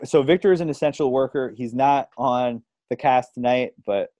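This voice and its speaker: A man's voice: mid-range voice, moderate pace, dark tone, dry recording. A young man hosting an interview, telling a rambling story full of fillers. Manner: chatty, rambling, filler-heavy. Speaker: podcast host.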